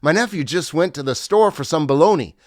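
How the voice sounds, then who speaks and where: A man's voice: fairly high pitch, animated, a little fast, no echo, studio quality, pitched above the performer's own voice, close to an everyday voice. A man voicing a friendly, weathered older man from the bayou who talks in an easygoing way with few words.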